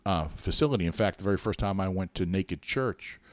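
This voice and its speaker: A middle-aged man co-hosting a podcast, telling a personal story in an earnest, animated way with many restarts. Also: low-pitched, brisk, no echo. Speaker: podcast co-host. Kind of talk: casual storytelling chat.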